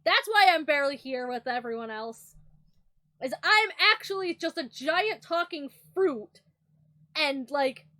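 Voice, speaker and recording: A young adult woman streamer reading game text aloud and reacting in a casual, excitable, profane, mock-indignant way. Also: high-pitched.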